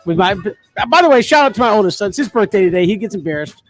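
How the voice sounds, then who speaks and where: A man's voice: sits high, expressive, quick pace, over music. A man co-hosting a radio show, talking wryly and easily about his sons in casual chat. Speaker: radio co-host.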